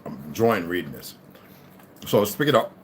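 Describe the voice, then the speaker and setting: A man talks on a casual livestream, reading passages aloud and breaking off into commentary. His pitch swings widely, from low mutters to loud, heated bursts. Faint background ambience sits under the voice. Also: moderate pace, a little hiss or hum. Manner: rambling, animated, swings between muttering and loud outbursts.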